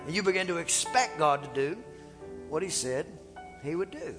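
A male pastor preaching a sermon in a church, animated and playful, acting out little dialogues as he talks. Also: fairly high pitch, moderate pace, big-room sound, over music. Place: church sanctuary.

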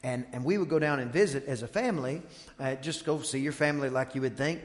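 A man preaching a sermon from the pulpit, telling stories and building from quiet talk to fervent shouting. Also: mid-range voice, quick pace. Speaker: pastor. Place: church sanctuary. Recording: long church hall reverb.

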